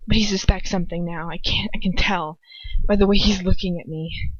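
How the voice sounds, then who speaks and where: A woman's voice: fairly low pitch, steady tone, fairly quick, no room sound. A woman reads first-person fan fiction aloud, emotive and casual, stopping now and then for chatty asides. The sound is dry and dull, a lo-fi home recording. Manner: emotive, breaks off into giggly asides.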